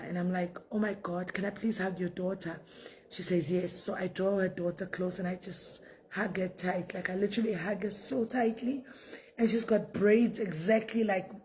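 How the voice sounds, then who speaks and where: A woman's voice: darkish tone, a little hiss or hum. Tearful woman telling her story. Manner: tearful, repetitive, speaking in a low subdued voice. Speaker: foundation founder sharing a personal story. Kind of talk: emotional personal storytelling.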